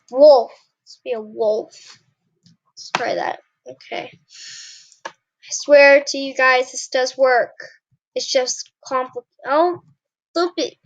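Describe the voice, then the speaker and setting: A woman's voice: high voice, a bit bright, no echo. A young woman casually commenting on her gameplay, often frustrated and apologizing to her viewers. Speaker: gaming channel host. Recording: dull lo-fi sound.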